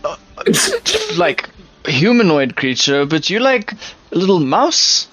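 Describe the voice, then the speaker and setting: A man's voice: on the high side, very animated, slow, background noise. A man playing a tabletop game, chatting in character with stammers and restarts. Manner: stammering, laughing. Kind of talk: casual in-character chat. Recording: dull lo-fi mic.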